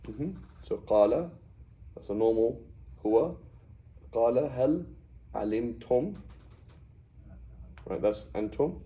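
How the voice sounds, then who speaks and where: A man's voice: mid-range voice, lively intonation, normal speed, pauses often, dark tone, rough recording. A middle-aged man teaching a Quranic Arabic class in a conversational way, often checking with "right?". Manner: explains with frequent "right?" checks.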